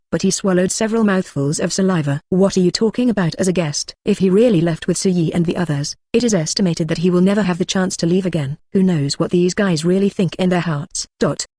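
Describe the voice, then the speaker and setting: A synthetic narrator voice reading a translated novel as an audiobook, in a flat, even delivery. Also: medium pitch, fairly quick, hardly any pauses, no echo.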